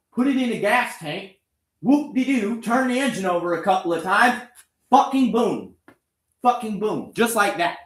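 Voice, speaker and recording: A high-pitched man, recorded in a roomy space, rants angrily and sarcastically at a motorbike engine that refuses to start. He swears constantly and is a bit out of breath. He's a vlogger wrenching on the bike and venting to the camera.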